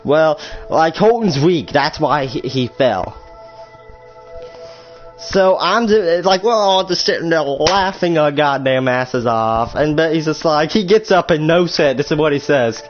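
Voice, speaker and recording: A teenage boy tells a story for his vlog at home, talking slowly in a fairly high voice. He rambles, swears freely and keeps correcting himself along the way. The audio is a little muffled, with faint music underneath. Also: expressive. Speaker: storytime vlogger. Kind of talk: casual storytelling.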